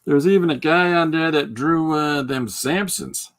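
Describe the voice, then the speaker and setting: A man's voice: a little high, measured pace, a bit bright. A man hosting a podcast livestream, chatting casually and joking with viewers while he draws. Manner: rambling, joking, reacting to chat. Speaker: podcast host.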